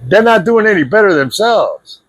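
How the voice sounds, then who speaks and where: A man delivers a preachy spiritual monologue to camera, blunt and confrontational toward his viewers, repeating himself and leaning heavily on "you know." His voice sits high, expressive and a bit bright, at a moderate pace.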